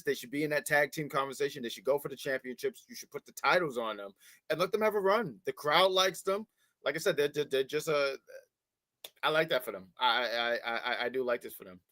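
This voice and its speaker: A man's voice: fairly high pitch, fairly quick, no room sound. A man co-hosting a wrestling review show, talking casually and with feeling, often repeating his words as he starts a thought. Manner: animated, repeats words, baby-talks to his cat.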